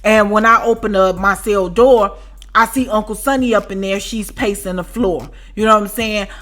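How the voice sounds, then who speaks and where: A woman telling a story to her viewers in a casual, profane, animated way, often asking if you know what she's saying. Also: mid-range voice, moderate pace. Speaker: storytime vlogger.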